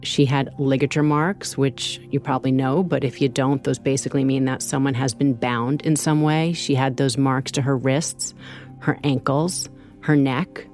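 A woman co-hosting a true crime podcast, narrating in an earnest, measured way. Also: rumbling low, fairly even intonation, darkish tone, faint music behind. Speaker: podcast co-host.

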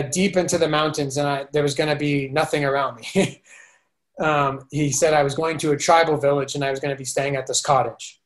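A man speaks as a podcast guest, retelling his experiences in a lively, animated way. His voice sits a bit higher than most men's. He talks casually and often stops to restart a phrase. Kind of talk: casual storytelling interview.

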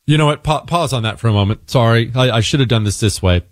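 A man's voice: mid-range voice, fast, no room sound, studio quality. A man hosting a talk radio show, speaking conversationally and often stopping to correct himself.

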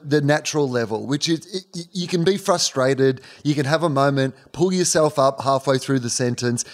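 An Australian man co-hosting a casual sports podcast, riffing wryly and laughing. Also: mid-range voice. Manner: wry joker who riffs and laughs. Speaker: podcast co-host.

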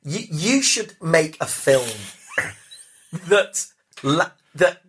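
Husky guy, middle-aged, voice jumps all over, loud then mumbly. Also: fairly high pitch, drawn-out words. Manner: animated storyteller, swings from loud bursts to quiet asides. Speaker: podcast guest. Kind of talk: casual chat.

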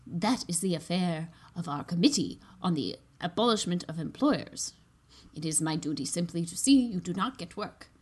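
A woman's voice: on the low side, expressive, moderate pace, darkish tone, husky. A woman reading aloud and voicing a prim, officious busybody who lectures in a stiff, formal way.

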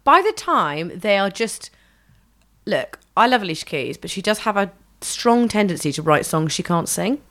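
A woman from England in casual podcast chat, animated and swearing freely as she mimics singers. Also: medium pitch, moderate pace. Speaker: podcast co-host.

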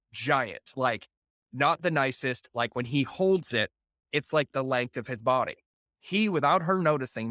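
A man hosting a podcast, telling a family story in a casual, animated way and acting out the voices of his wife and son. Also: fairly high pitch, no room sound. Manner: animated, acts out family dialogue with laughs. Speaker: podcast host.

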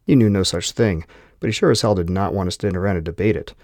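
A man reading a novel aloud with steady, measured storytelling. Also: sits low, no echo, studio quality. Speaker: narrator. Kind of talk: scripted audiobook narration.

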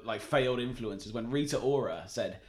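A man's voice: medium pitch, a little fast, echoey room. A man co-hosting a casual podcast, with dry, understated humor. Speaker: podcast co-host. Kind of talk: casual chat.

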